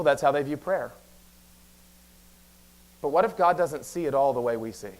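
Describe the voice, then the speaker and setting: A man preaching a sermon as pastor, talking very fast and telling stories with quick asides. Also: sits high. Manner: animated storytelling with quick asides; talks very fast. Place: church sanctuary.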